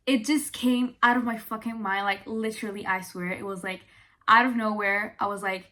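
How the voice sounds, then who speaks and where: A young woman from Italy talking casually to her viewers as a vlogger, expressive and chatty with lots of fillers. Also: medium pitch, normal speed. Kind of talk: casual chat to camera.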